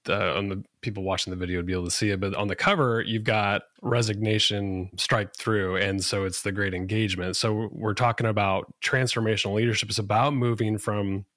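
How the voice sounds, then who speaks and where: A man hosting a podcast interview who asks his guest questions in a measured way. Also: fairly low pitch, fairly even intonation, a bit bright, no echo, studio quality. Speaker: podcast host.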